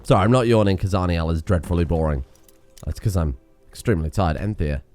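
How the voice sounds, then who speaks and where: A man's voice: low voice, quick pace, a little mellow, faint music behind. A man streaming a game, giving sarcastic, sweary casual commentary while feeling under the weather. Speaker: gaming streamer.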